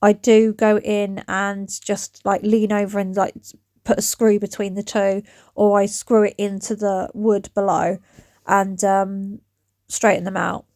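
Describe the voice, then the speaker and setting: A woman's voice: mid-range voice, level tone, unhurried, a little mellow, no echo. A woman of around forty, rambling chattily to camera in her back garden as a DIY vlogger, her throat going dry. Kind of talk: chatty vlog talk to camera. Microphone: phone camera.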